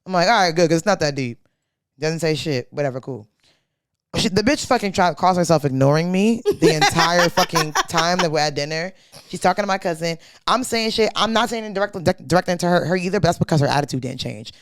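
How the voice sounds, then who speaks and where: A woman's voice: on the low side, expressive, fast talker, no echo. A young woman co-hosting a podcast, racing through a slangy, profane story and acting out every quote. Her voice sounds close and dry in a studio. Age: young adult. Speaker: podcast co-host. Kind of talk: casual storytelling chat.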